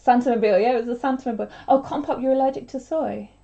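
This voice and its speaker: A woman's voice: on the high side, rapid-fire, mellow, dull audio. A young woman chatting casually on a craft livestream, rambling with lots of filler words.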